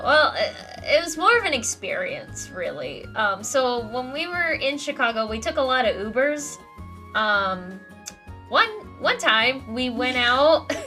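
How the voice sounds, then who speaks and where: High bright giggly young woman. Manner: giggly, rambling, frequent laughter. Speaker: streamer. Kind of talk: casual chat stream.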